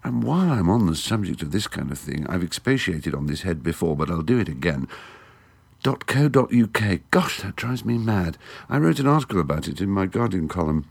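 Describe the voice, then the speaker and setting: English man, very low voice, lively intonation, wry and theatrical, solo podcast host. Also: a little fast, creaky, husky. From England. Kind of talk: monologue podcast. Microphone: studio microphone.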